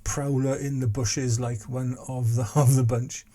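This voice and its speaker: A man's voice: medium pitch, flat delivery, unhurried, warm tone. A man in his sixties chatting casually to camera as a vlogger, rambling and self-deprecating. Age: 60s.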